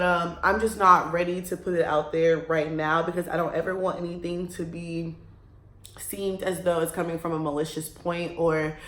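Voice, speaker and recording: A young woman in her twenties talks to her viewers in a loose, confessional way, wandering through her thoughts and laughing now and then. Her voice sits slightly low for a woman, and the room gives it a noticeable echo. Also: a bit bright. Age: 20s. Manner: rambling, candid, laughs between remarks. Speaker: vlogger. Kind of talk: casual confessional chat.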